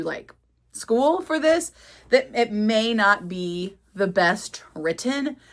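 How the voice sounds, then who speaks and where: A woman vlogging about a book she is reading, chatty and a little rambling. Her voice sits at a middle pitch and she pokes fun at herself as she talks. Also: fairly bright tone. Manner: chatty, self-mocking, rambling. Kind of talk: casual vlog reading diary.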